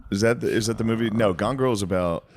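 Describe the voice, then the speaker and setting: Deep-voiced man, blunt and jokey. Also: fast talker, darkish tone. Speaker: podcast co-host. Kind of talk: casual chat.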